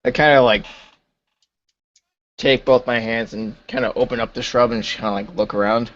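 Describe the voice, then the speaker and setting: A man's voice: mid-range voice, fairly even intonation, normal speed, fairly bright tone, lo-fi sound, slight background noise. A man playing a tabletop game, talking casually with slang. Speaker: player.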